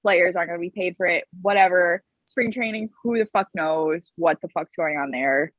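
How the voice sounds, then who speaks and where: A woman co-hosting a casual sports podcast, talking bluntly and swearing freely as she laughs her way through a rant. Her voice has a slightly husky edge. It comes through a dull, dry, lo-fi mic. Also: fairly low pitch, moderate pace, no room sound. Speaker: podcast co-host.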